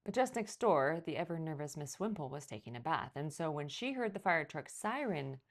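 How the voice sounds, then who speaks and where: A woman reading a picture book aloud as a children's librarian, telling the story expressively. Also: normal speed. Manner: expressive storytelling, lively pitch.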